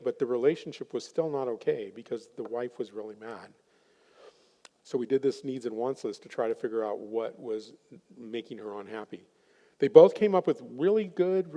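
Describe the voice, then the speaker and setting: A man presenting at a workshop who tells a counseling story and acts out his clients' lines as he goes. His voice sits mid-pitched and mellow, on the dark side. A long reverb trails his words around a chapel hall.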